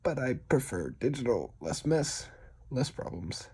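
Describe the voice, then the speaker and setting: Soft-spoken gravelly man, rambling. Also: medium pitch, sing-song, unhurried. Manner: rambling, self-deprecating; talks quietly, partly whispered. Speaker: digital artist. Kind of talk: casual voice-over over a speed drawing.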